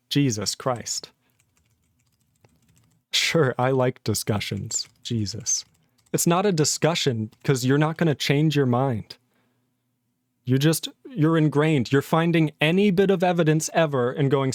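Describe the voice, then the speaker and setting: A man's voice: on the high side, a little slow, no room sound, studio quality. Exasperated swearing man ranting on stream. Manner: exasperated, sarcastic, swears often, mocks others in put-on voices. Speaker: livestreaming programmer. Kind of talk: ranting casual stream talk.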